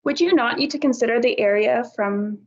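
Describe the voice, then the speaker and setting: A woman's voice: a little high, a little fast, highs cut off. A woman student asking a lecturer a question in an online class, tentative and hedging with "like".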